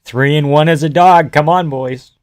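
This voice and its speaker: A young man chatting casually and profanely on a live fight reaction stream, joking and yelling at the screen. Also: fairly high pitch, moderate pace. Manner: excitable, profane, laughing, yells at the screen.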